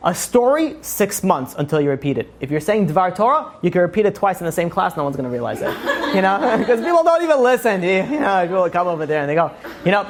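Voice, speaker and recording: A man, a rabbi, giving a casual, joking Torah lecture to a live class, talking fast and animatedly with lots of "you know". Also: high-pitched, big pitch swings.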